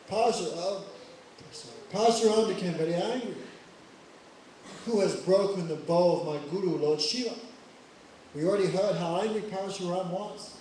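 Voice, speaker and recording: A man preaching in an animated way, retelling scripture stories and laughing at his own jokes. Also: fairly high pitch. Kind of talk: devotional storytelling sermon. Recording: echoey hall, mic far off, faint noise.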